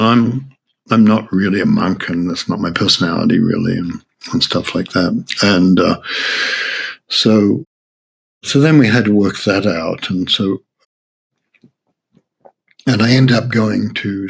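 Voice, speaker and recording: An older man with an Australian accent telling stories in an interview, halting with many restarts and frequent laughs. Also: sits low, creaky, husky. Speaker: Zen teacher. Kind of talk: reflective interview storytelling.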